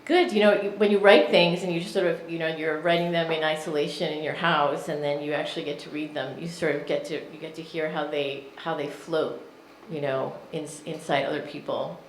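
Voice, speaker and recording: A woman poet reads her poems slowly and carefully in a lounge, with relaxed, chatty asides in between. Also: low-pitched, slight background noise. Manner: slow, measured reading with chatty asides. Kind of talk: poetry reading. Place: lounge with live audience. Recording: echoey room.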